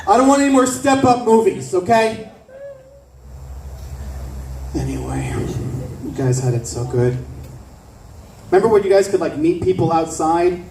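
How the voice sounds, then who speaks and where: Brash high-voiced comedian from South Florida. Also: male voice, darkish tone, reverberant, distant mic, slight background noise, rough recording. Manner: brash, profane, rapid riffing with crowd asides. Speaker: stand-up comedian. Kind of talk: stand-up set. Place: comedy club stage.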